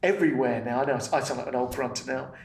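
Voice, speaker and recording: A middle-aged man with a British accent, a comedian guest telling an animated anecdote in casual chat. He laughs freely and swears often. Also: medium pitch, fast talker, gravelly. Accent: British English. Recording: roomy and distant with faint noise.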